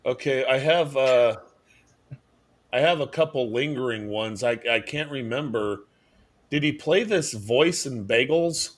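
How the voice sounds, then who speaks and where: A man's voice: medium pitch, measured pace. A man in his fifties co-hosting a casual comedy show, often stammering and restarting his sentences. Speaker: co-host.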